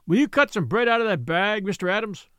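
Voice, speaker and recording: A man's voice: high voice, lively intonation, quick pace, bright, forceful tone, clean tone, dry recording, studio quality, voice pushed up. A man voicing a courteous camp cook. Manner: formal and polite. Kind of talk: audiobook reading.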